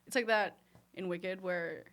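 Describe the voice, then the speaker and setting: A woman's voice: lowish voice, fairly even intonation, measured pace, a bit bright. Chatty young woman, podcast guest. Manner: chatty, fills speech with "like", self-mocking. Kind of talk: casual chat.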